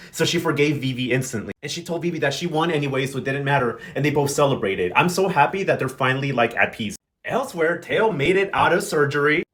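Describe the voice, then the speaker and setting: A man talks at a rapid clip in a slightly raised voice, recapping soap opera episodes for his channel. His commentary is casual, full of slang and blunt opinions, with a gossipy edge. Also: a little high, fairly bright tone.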